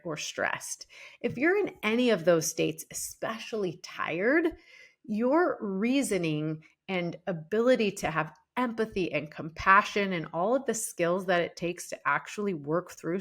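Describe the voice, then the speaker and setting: A woman in her forties, a relationship coach guesting on a podcast, telling marriage stories in a casual, animated way and acting out past moments in her own voice. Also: mid-range voice. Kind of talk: casual podcast interview storytelling.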